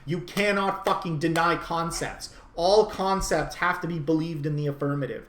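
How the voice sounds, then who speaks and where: A man's voice: on the high side, normal speed, fairly bright tone, a little hiss or hum. Emphatic man in an echoey room. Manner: opinionated and emphatic, with restarts and repeated phrases. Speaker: commentator. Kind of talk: unscripted monologue.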